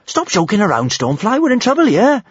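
A man's voice: high-pitched, lively intonation, moderate pace, slightly rough, dry recording, pitched above the performer's own voice, full character voice. A man voicing a bossy, anxious young Viking girl who pleads urgently, in a slightly muffled dry recording.

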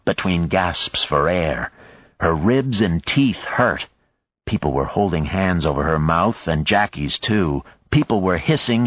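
A man narrating an audiobook in a measured, even storytelling manner. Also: low-pitched, dry recording, highs cut off. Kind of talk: scripted narration.

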